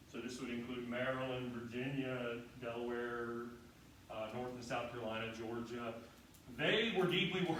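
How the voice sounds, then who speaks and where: A male history professor lectures in a loose, salty way, throwing rhetorical questions at the class. His voice sits a bit high and is picked up from across a very echoey room with a faint hiss behind it. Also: a bit bright. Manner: casual, salty asides and rhetorical questions to students. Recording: very echoey room, far from the mic, faint noise.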